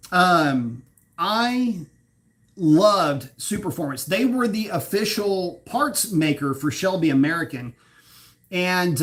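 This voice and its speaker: A man with a slightly higher voice hosts a relaxed livestream about cars. He reads chat comments aloud and answers them in a loose, chatty way, with plenty of fillers, the odd curse and a laugh at his own mistakes. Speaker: livestream host reading chat.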